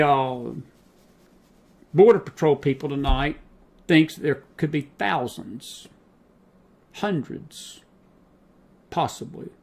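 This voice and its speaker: A man hosting a late-night talk show, impassioned and preachy, slowing down to drive his points home. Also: fairly high pitch.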